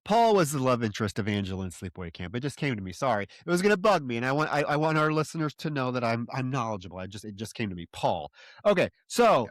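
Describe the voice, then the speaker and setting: A man's voice: medium pitch, very animated, fast talker, no room sound. A man co-hosting a podcast, recapping a film plot in casual chat and acting out the characters' lines in a self-deprecating way. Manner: retells scenes with acted-out character quotes, self-deprecating. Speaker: podcast co-host.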